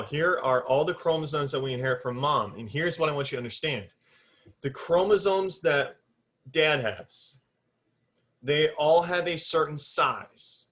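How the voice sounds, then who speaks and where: A man's voice: fairly high pitch, fairly bright tone. Man teaching biology in a lecture. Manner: informal and direct, stresses exact terms and gives firm rules; counts aloud while drawing on a board. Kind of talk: recorded classroom lecture.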